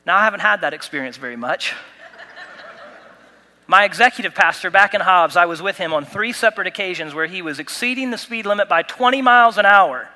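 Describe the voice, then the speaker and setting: A man's voice: high-pitched, animated, a little fast, sharp tone, big-room sound. A man pastor delivering a sermon, preaching with emphatic repetition and light humor. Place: church sanctuary.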